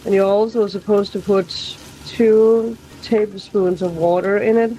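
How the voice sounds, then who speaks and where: A woman's voice: mid-range voice, fairly even intonation, measured pace, few pauses, warm tone, slight background noise, rough recording. A woman vlogging casually as she cooks, chatting and thinking aloud as she goes. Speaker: cooking vlogger. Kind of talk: casual cooking vlog.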